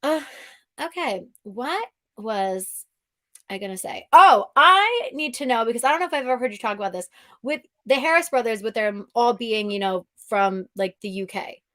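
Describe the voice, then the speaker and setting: A woman's voice: on the high side, expressive, moderate pace, fairly bright tone. A woman hosting a book show, chatting in an upbeat, gushing way. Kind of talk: casual interview chat.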